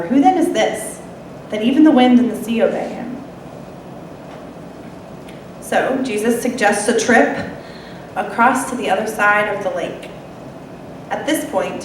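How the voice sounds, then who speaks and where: A woman's voice: medium pitch, slight background noise. A woman delivering a sermon in a conversational way, with wry asides. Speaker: preacher. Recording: echoey hall, mic far off.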